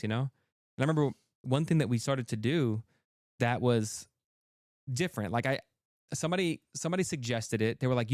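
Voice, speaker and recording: A man's voice: mid-range voice, animated, no echo, clean studio sound. A man, a content creator guest, talking earnestly in a casual interview with many restarts. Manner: quick, earnest, full of restarts.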